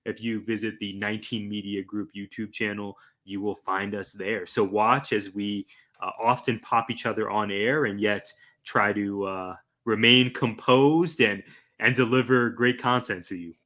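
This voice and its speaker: A man's voice: lowish voice, moderate pace. A man hosting a wrestling podcast, plugging the channel and steadily putting questions to his co-host. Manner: steady, asks questions, reads tweets aloud. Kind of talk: casual chat with listener plugs.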